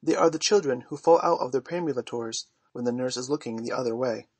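A man's voice: mid-range voice, fast talker, darkish tone, slightly rough, no echo. A man doing a cocky, merry storybook boy. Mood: offhand. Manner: boastful, offhand and good-natured. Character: cocky, merry boy who never grew up.

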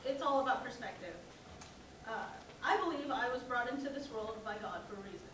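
In a campus lecture hall, a young adult woman gives a personal talk at a student event, her slightly high voice lively and a little fast. She mocks herself with sarcastic humor. Not speaking into the mic, she comes across distant in a very echoey, noisy hall.

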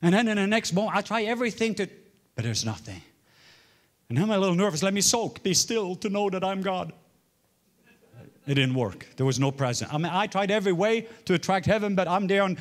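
A man in his forties from Norway, preaching a sermon as a story, swinging from loud exclaims to hushed murmurs. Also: sits high, animated, brisk. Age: 40s. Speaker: guest preacher.

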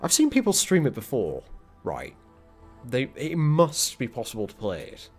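A man's voice: mid-range voice, huge pitch swings, normal speed, faint music behind. A man hosting a game stream, chatting casually and grumbling wryly about loading problems. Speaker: streamer host. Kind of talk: casual gaming stream chat.

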